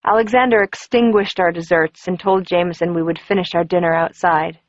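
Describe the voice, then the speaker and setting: A woman reading a first-person audiobook in a measured storytelling manner. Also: fairly low pitch, steady tone, no room sound, dull audio. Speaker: audiobook narrator.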